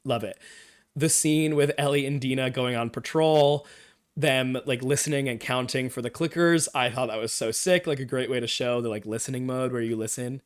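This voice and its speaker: A man of ordinary pitch talks through a TV episode on a live stream. His recap is enthusiastic and rambling, and he acts out the characters' lines along the way. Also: fairly even intonation, normal speed. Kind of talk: casual show discussion.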